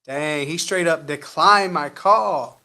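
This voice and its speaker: A man's voice: fairly high pitch, slow, bright, forceful tone. A man hosting a show, chatting casually and coaching viewers while he makes live phone calls, upbeat and sympathetic. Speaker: real estate investor and show host.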